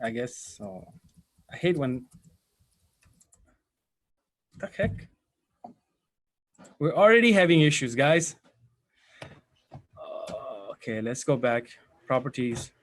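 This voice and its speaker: A man's voice: mid-range voice, lively intonation, takes it slowly, long pauses. A man teaching a live IT training session, talking casually to his students, often rambling and correcting himself mid-sentence. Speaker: IT instructor. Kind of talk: live software training walkthrough.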